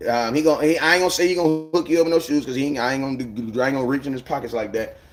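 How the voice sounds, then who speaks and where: A man's voice: medium pitch, very fast, over music. A man chatting casually on a live stream, rambling in loose slang and greeting viewers by name. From United States.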